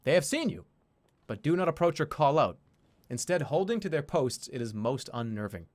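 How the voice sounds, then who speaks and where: A man's voice: a little high, moderate pace. A male streamer reading a fantasy game's text aloud and throwing in jokey asides. His voice swings widely up and down as he reads. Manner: animated, jokey and swearing. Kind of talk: casual gaming commentary reading game text aloud.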